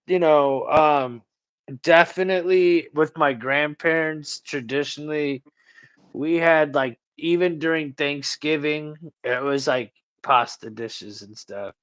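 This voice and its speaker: A man hosting a livestream in casual chat, rambling and slangy, calling people bro and dude. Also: a little high. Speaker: livestream host.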